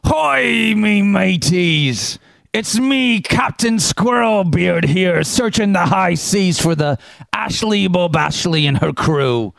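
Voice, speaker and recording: A boisterous, jolly pirate captain, put on by a man, drawling his words and swinging his pitch up and down. His voice is gravelly and a bit high, and the sound is dry and close. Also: lively intonation, slow, fairly bright tone, dry recording, heavily acted. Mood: hammy. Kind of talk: comic ad read in character.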